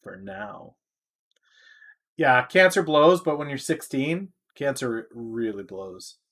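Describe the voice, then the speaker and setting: A man's voice: medium pitch, expressive, slow, a bit bright. A man hosting a casual live stock market stream, rambling and answering viewers' chat.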